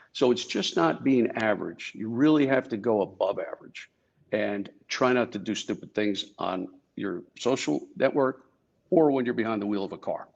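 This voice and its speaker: An older man from New Jersey, a former Secret Service agent, telling stories in an animated, joking way and acting out the dialogue. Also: on the low side, gravelly, husky, lo-fi sound. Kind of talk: anecdotal storytelling.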